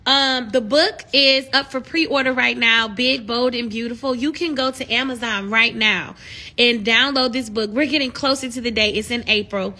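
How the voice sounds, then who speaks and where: A bright, high-voiced young woman chats casually on a live stream. She often slips into animated, encouraging preaching, with a forceful edge to her tone. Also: normal speed. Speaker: livestream host.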